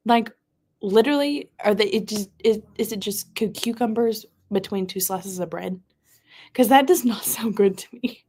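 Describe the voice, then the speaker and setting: A woman's voice: medium pitch, moderate pace, a little mellow, breathy edge. Bubbly Southern woman chatting live. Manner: bubbly and chatty, answers her chat. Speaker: booktuber hosting a live reading sprint. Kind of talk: casual livestream chat.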